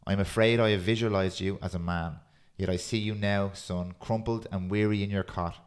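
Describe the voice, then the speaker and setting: A man hosting a podcast, chatting casually and reading a poem aloud in a steady, earnest way. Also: on the low side, a little fast, clean tone. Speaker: podcast host.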